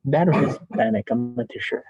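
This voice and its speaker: A man's voice: mid-range voice, moderate pace, a little mellow, highs cut off. A man teaching statistics in a classroom lecture, chatty and joking as he thinks aloud at the board.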